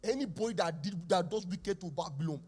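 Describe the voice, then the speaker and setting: A man's voice: high voice, fairly quick, darkish tone, husky. A young man preaching a sermon at a church service, telling the story with laughs and exclamations. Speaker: pastor.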